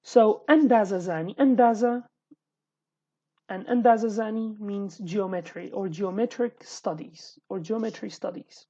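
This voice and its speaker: A woman gives a casual online language lesson, explaining patiently, often pausing and repeating each word. Her voice is medium in pitch, dark and husky, captured in a dull, lo-fi home recording.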